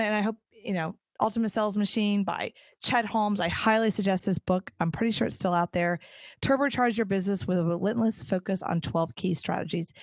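A woman's voice: medium pitch, dry recording. Emphatic woman podcast host, dry and dull. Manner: energetic, emphatic, acts out quoted dialogue. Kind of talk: solo podcast monologue.

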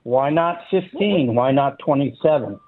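A man's voice: mid-range voice, animated, a little slow, a crowd in the background. A man calling in to a radio show, arguing emphatically with rhetorical questions. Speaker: caller. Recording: tinny phone line.

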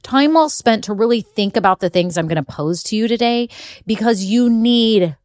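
A woman's voice: a little high, expressive, moderate pace, darkish tone, no room sound, studio quality. A woman hosting her own podcast as a business coach, talking in an upbeat, encouraging, chatty way. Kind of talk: solo podcast talk.

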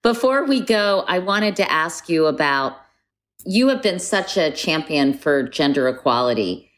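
A woman's voice: low-pitched, sing-song, unhurried, a bit bright. A woman hosting an interview, asking direct questions with enthusiasm. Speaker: interviewer host. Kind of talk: casual interview.

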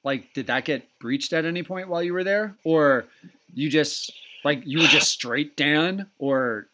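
A man with a slightly raised pitch hosting a loose podcast chat. He banters, laughs easily and swears in passing. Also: a little slow, pushed and bright. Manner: laughing, profane, joking banter. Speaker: podcast host.

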